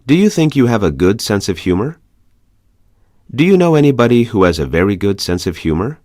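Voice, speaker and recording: Man reading practice questions, lively pitch. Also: fairly quick, no echo, studio quality. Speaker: language course reader.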